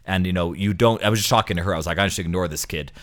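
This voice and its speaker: A deep-voiced man in his thirties chats casually about his experiences as a priest. He rambles a little, restarting sentences and repeating words as he goes. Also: racing, fairly bright tone. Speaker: priest co-host. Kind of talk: casual storytelling chat.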